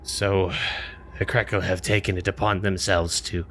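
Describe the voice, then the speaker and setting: A man voicing an anxious female island resident in a tabletop role-play, speaking haltingly and stumbling over words. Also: sits low, flat delivery, fairly bright tone, slight background noise. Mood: worried. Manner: halting, stammering speech.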